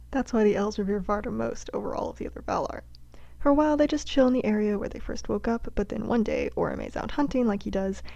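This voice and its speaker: A woman's voice: medium pitch, vocal fry, mellow, no echo, muffled recording. A woman casually retelling a fantasy epic with breezy, slangy humor, as the narrator of a comic video. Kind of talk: casual comedic story retelling.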